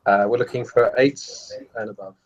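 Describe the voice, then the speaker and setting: A man running a tabletop role-playing game as game master, talking haltingly with fillers and laughs. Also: on the low side, fairly even intonation. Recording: dull lo-fi sound.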